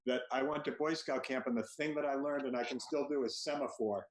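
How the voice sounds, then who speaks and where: A man's voice: medium pitch, steady tone, fairly quick. A man on a video call telling a wry comic story, building to a punchline. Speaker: comedian. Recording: echoey room, faint noise.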